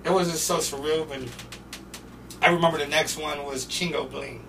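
Gravelly young man telling animated stories. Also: fairly high pitch, moderate pace, crowd noise. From North Portland, Oregon, US. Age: young adult. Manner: animated, profane storytelling full of acted-out quotes. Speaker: guest rapper. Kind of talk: casual storytelling interview. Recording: distant mic with noisy background.

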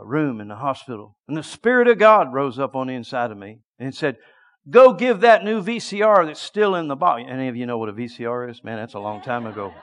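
A middle-aged male preacher telling a story in a sermon, dropping to a hush and then shouting. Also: medium pitch. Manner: lively storytelling that swings from hushed to shouting.

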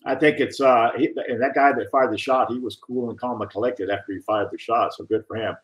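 A man's voice: mid-range voice, fairly even intonation, brisk, lo-fi sound. Matter-of-fact man on a panel. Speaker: panelist, police captain. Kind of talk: casual panel chat.

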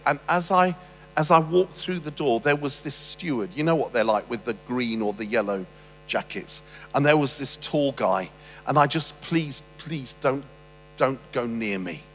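A man's voice: fairly high pitch, a bit bright, big-room sound. A man telling a humorous personal story on stage, rambling and self-deprecating with stammered restarts. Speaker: speaker.

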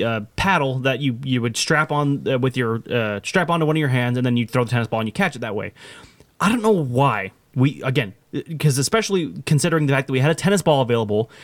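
A man's voice: medium pitch, animated, quick pace, no echo. A young adult man co-hosting a podcast, telling a rambling story with lots of fillers and acted-out quotes. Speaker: podcast co-host. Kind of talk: casual storytelling chat.

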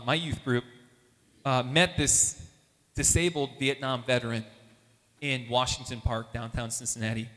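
A man telling a lively faith story as a testimony, acting out the voices of the people in it. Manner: animated, acts out quoted voices with big pitch jumps. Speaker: speaker at a Catholic gathering. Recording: long hall reverb.

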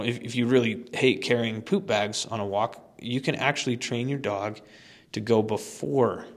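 A man explains dog training mistakes in a chatty, instructional podcast style. His voice sits at a middling pitch. He talks emphatically, with loose fillers and restarts.

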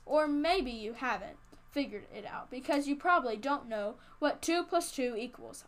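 High-voiced woman narrating playfully. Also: animated, normal speed. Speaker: storyteller. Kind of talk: reading a children's story aloud.

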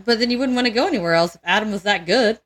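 A woman's voice: mid-range voice, very fast, a bit bright. A woman co-hosting a podcast in casual chat, crude and joking, laughing often and tripping over words. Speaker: podcast co-host.

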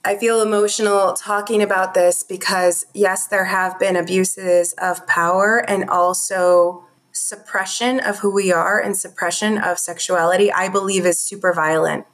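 A woman's voice: medium pitch, fairly even intonation, moderate pace, few pauses, fairly bright tone. A woman talking earnestly and from the heart as a guest in a podcast interview. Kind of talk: conversational interview talk.

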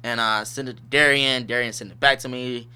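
Bright-voiced laid-back man hosting a podcast. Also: medium pitch, steady tone, brisk, clean tone. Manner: laid-back slangy rambling, laughs often. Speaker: podcast host. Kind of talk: casual solo podcast chat.

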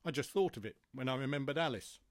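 A man's voice: medium pitch, quick pace, no echo, clean studio sound, lightly acted. A man voicing a curious, eager little girl in a storybook. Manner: eager, inquisitive.

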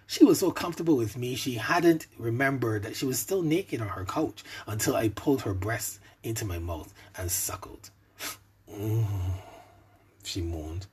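A man narrating an adult story in a soft, intimate way, sometimes dropping to a whisper. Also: fairly low pitch, breathy edge.

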